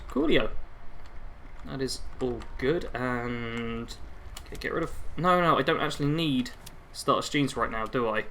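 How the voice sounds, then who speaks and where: A man's voice: mid-range voice, normal speed, fairly bright tone, slight background noise. A young man live streaming a game on a headset mic, chatting constantly and reading chat aloud.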